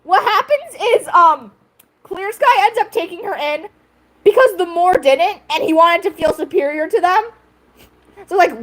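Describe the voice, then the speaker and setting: A woman's voice: very high-pitched, lively intonation, unhurried, a bit bright. A young woman creator chatting casually while she draws, rambling with fillers and frequent giggles. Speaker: video creator. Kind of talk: casual chat while drawing.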